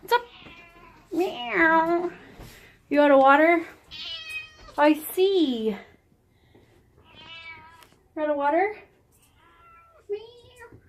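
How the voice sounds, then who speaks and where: Relaxed woman vlogger, unhurried and chatty, coos at her pets, slightly high voice. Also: a little hiss or hum. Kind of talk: casual home vlog. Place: house, indoors.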